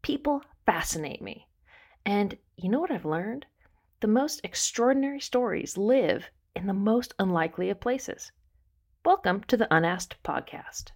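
Lively woman podcast host narrating. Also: mid-range voice, measured pace. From Southern California. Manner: lively storyteller, playful asides.

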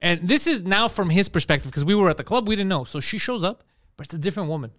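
A man, a comedian guest on a podcast, telling an animated, profane story and acting out the quoted lines. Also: high voice, fast, no room sound, studio quality.

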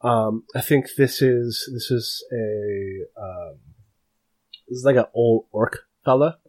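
A man's voice: mid-range voice, takes it slowly, darkish tone. Hesitant man running a tabletop game. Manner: hesitant, full of fillers. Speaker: game master.

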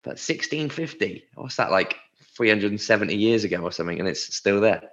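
A man's voice: lowish voice, lively intonation, a little fast, fairly bright tone, dull audio. A man co-hosting a podcast, chatting casually and rambling through word origins. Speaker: podcast co-host. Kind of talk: casual chat.

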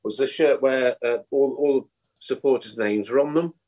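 A man co-hosting a casual football fan podcast, trading jokey, excitable banter. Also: mid-range voice, moderate pace. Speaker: podcast co-host.

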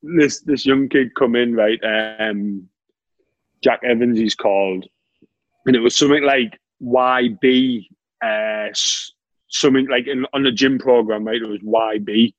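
A man's voice: mid-range voice, unhurried, no room sound, highs cut off. A man telling stories in a casual chat, laughing often and saying "mate" constantly. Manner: laughs a lot while telling anecdotes, says "mate" constantly.

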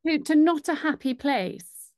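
A woman hosts a podcast in a higher voice, recorded dry and close. She chats warmly and often agrees, telling her own stories in a relaxed way. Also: a little slow, no echo. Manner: agreeable, frequent "yeah" backchannels. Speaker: podcast host. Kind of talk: casual chat.

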